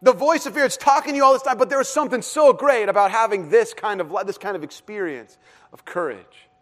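A man in his thirties preaches a sermon, telling a story in a loose, animated manner with frequent laughter. His voice sits a touch above the usual male pitch. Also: fairly quick. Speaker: pastor.

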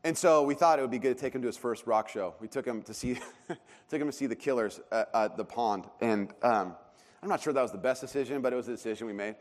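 A man's voice: medium pitch, fast talker. A man in his thirties preaching a sermon as a pastor, telling stories in a conversational, self-deprecating way. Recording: long hall reverb.

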